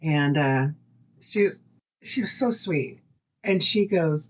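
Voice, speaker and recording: A woman co-hosting a casual podcast, telling animated work stories, acting out voices and swearing freely. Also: low voice, slow pace, pauses often, lo-fi sound. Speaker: podcast co-host. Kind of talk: casual storytelling chat.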